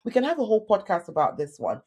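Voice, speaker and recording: Her voice is husky and mid-range, and she talks fast: a woman in her thirties, born in Nigeria, who coaches careers and is telling a personal story on a podcast interview. She acts out the voices she quotes with plenty of animation.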